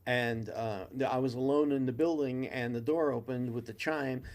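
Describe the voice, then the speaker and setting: A man co-hosting a relaxed live Q&A, telling stories with eager, self-amused energy. His voice sits in an ordinary middle range. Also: mid-range voice, normal speed. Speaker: co-host and studio producer. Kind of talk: casual live Q&A storytelling.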